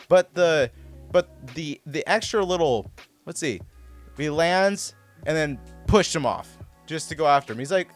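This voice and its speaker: Excitable man with a lively, bouncing voice. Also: medium pitch, moderate pace, soft background music. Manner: excitable, rambling, frequent "like" and restarts. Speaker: host breaking down baseball clips. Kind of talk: casual commentary over replay footage.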